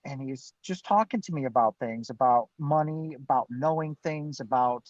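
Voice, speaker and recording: A man's voice: medium pitch, moderate pace, no room sound, lo-fi sound. Rambling man telling a story from a car. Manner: rambling, full of "you know" and "I'm like". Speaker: guest. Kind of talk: personal storytelling. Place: inside a parked car.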